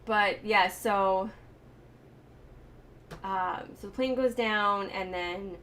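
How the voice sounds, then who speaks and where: A woman's voice: medium pitch, very slow, a bit bright, a little hiss or hum. Chatty woman reviewing a movie. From United States. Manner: chatty, laughs often, many fillers and restarts. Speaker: host. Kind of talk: casual movie reaction chat.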